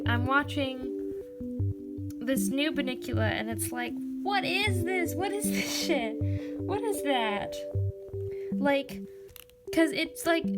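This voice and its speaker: High-voiced woman, chatty crafting vlogger, rambling and filler-heavy, loud music under her voice. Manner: animated, swears casually. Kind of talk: casual chat while working. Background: background music.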